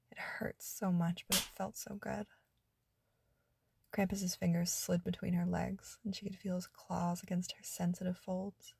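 Husky, gravelly woman narrating softly. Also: lowish voice. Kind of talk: adult story narration.

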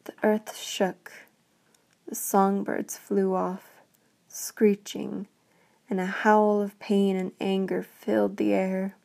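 Woman narrating a bedtime fairy tale in a gentle, flat, slow whisper; gravelly texture. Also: medium pitch. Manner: slow, hushed, half-whispered. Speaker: storyteller. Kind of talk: whispered bedtime story reading.

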